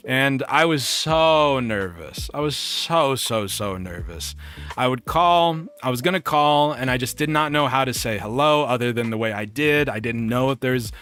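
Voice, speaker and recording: A man streamer telling a story casually and reading chat, animated and laughing often. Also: normal speed, clean tone, faint music behind. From United States. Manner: animated, laughs often, jumps up in pitch for quoted bits.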